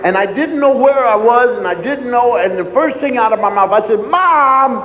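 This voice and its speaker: A man in his forties telling an animated stand-up story on a theater stage, acting out scenes. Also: extremely high pitch, fairly quick, muffled recording. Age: 40s. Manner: animated, acts out scenes and voices. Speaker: stand-up comedian. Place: large theater stage, live show. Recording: echoey theater hall, audience noise.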